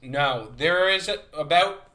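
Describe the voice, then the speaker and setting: A young man co-hosting a podcast, telling animated stories in casual chat, swearing often and acting out the voices of people he quotes. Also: fairly high pitch, takes it slowly. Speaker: podcast co-host.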